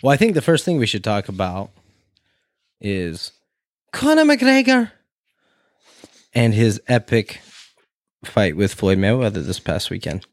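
Casual podcast co-host, man, low voice, dry close mic, loose and profane. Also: lively intonation, normal speed, darkish tone, no room sound. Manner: loose, joking, swears freely. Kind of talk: casual chat.

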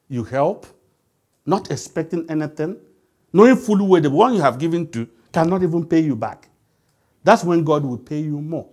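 A man's voice: a little high, a little mellow. A man preaching a sermon, emphatic and quizzing the congregation with call-and-response questions.

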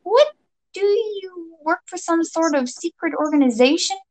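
A woman voicing a bewildered, panicky hero with a squeaky, flustered voice. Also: lively intonation, measured pace, a little mellow.

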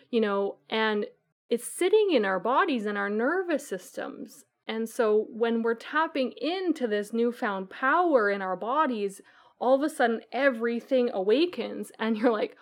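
Earnest female coach, fairly high voice, animated talker. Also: a little slow. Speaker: guest coach. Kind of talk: podcast interview answer.

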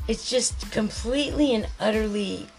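A woman's voice: a little high, normal speed, vocal fry, a little mellow, soft background music, low-quality recording. A woman podcast host in a rambling, heated monologue, swearing constantly and restarting her thoughts.

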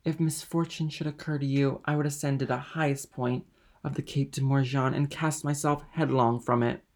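A man's voice: medium pitch, steady tone, moderate pace, a little mellow, natural voice. A man reading aloud and voicing a passionate, loyal young woman who speaks with raised emphasis. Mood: calm resolve.

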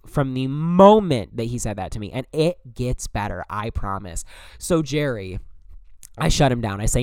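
Animated young man telling a story. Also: mid-range voice, moderate pace, dry recording, studio quality. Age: young adult. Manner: animated, exasperated, swears often. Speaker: podcast host. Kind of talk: casual storytelling monologue.

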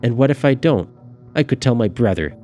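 A man's voice: medium pitch, animated, fairly quick, warm tone, pitched above the performer's own voice, lightly acted. A man reading aloud, voicing a tearful, spoiled little girl with a whiny, pleading manner, over faint music.

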